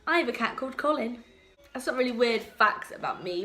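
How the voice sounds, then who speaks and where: Young woman, casual vlogger, light high voice, rambling and giggly. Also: animated, a little fast, bright, forceful tone. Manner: chatty, giggly, lots of fillers. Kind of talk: casual chat to camera.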